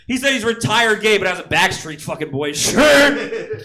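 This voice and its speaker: A man's voice: high-pitched, animated, slow pace, background noise. A man doing a rambling, profane stand-up set on a comedy club stage, often laughing at his own jokes. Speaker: stand-up comic.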